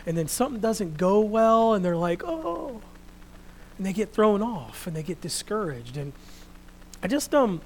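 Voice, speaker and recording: A middle-aged man preaching a sermon, earnest and animated, dropping to a hush for quoted words. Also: sits high, moderate pace, slight background noise, rough recording.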